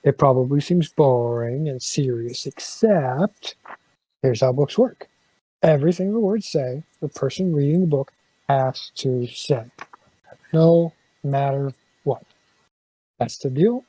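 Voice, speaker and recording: A woman reads a children's picture-free book aloud in a mellow, lowish voice, bouncing between mock outrage and goofy noises. Her pitch swings widely as she plays along. The sound is close and dry, with no room around it. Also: husky, dry recording, low-quality recording. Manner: animated, mock-protesting read-aloud with silly sounds. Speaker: player reading a bedtime story.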